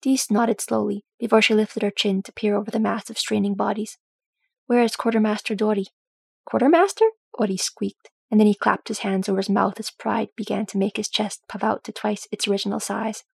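Gravelly-voiced woman reading a story. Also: mid-range voice, level tone, fairly quick, hardly any pauses, dry recording. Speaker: audiobook reader. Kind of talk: storybook narration.

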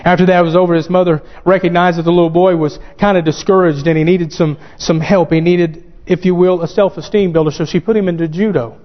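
Man, fervent preacher, high voice, long hall echo, dull lo-fi sound. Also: brisk, hardly any pauses. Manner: fervent, rising to excited preaching with scripture quotes. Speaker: pastor. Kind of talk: sermon.

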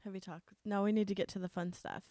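A woman co-hosting a podcast, with a voice of middling pitch. She talks in a chatty, playful way and giggles often. The recording is dry and close. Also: flat delivery, quick pace, mellow, dry recording. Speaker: podcast co-host. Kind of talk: casual chat.

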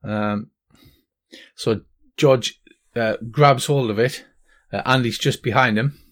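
A man's voice: mid-range voice, slow pace. A man narrating a tabletop game as game master, with many ums and restarts. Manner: hesitant, lots of ums and restarts.

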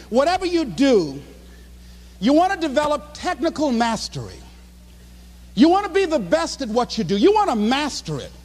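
A high-pitched, lively male voice urges the crowd on, a motivational speaker repeating his points with punch. He is recorded live in a big hall with long reverb and a faint hum behind. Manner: emphatic, repetitive, exhorting the audience.

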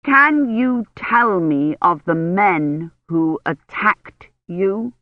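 A woman voicing an earnest male knight who speaks slowly, loudly and over-distinctly. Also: low-pitched, dry recording, phone-quality sound. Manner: slow, loud, overly distinct.

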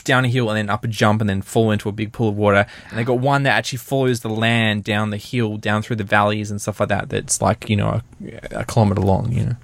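A man's voice: fairly low pitch, little pitch movement, fast talker, vocal fry, no echo. A man co-hosting a podcast in casual chat, rambling and laughing through his jokes. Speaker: podcast co-host.

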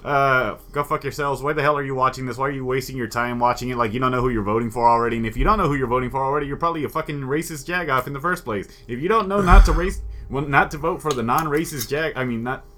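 A man co-hosting a casual comedy podcast, rambling and profane with deadpan jokes. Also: medium pitch, quick pace. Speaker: podcast co-host. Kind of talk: casual crude comedy chat. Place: California.

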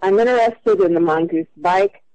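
A woman's voice: fairly low pitch, moderate pace, darkish tone, no echo, poor audio. An older woman calling about an ad, leaving a hesitant, patient voicemail and repeating herself. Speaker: caller answering an ad.

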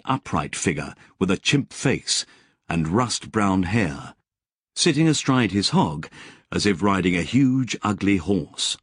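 A man narrating an audiobook in scripted, expressive storytelling with vivid description. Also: low voice, husky, dry recording, clean studio sound.

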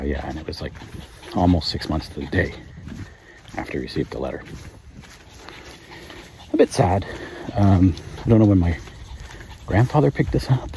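Very low-voiced man rambling on a walk. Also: dark tone. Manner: chatty, laughs often, many fillers. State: out of breath while walking. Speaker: podcast host. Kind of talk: casual rambling monologue. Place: outdoors walking a dog. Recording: outdoor field recording with noise. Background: dog and outdoor ambience.

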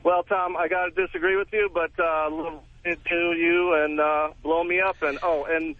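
A man's voice: fairly high pitch, little pitch movement, normal speed. A man from Wisconsin calling a radio show, friendly and rambling. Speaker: caller. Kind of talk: phone-in call to talk radio. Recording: tinny phone line.

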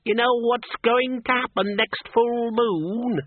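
A man's voice: very high voice, fairly even intonation, takes it slowly, slight background noise, pitched above the performer's own voice. A man voicing a cheerful, cheeky male ghost who talks in a teasing, sing-song way in a storybook reading, on a thin, tinny recording.

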